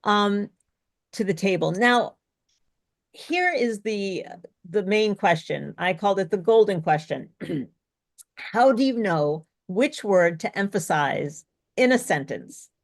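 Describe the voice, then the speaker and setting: Slow-talking woman speech coach. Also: medium pitch, expressive. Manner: encouraging, asks checking questions. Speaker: speech coach, co-host of webinar. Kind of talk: live online workshop presenting.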